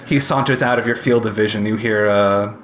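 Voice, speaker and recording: A man's voice: fairly low pitch, steady tone, brisk, a bit bright, roomy sound, slight background noise. A man narrating a tabletop game as game master, descriptive and hesitant, with frequent fillers.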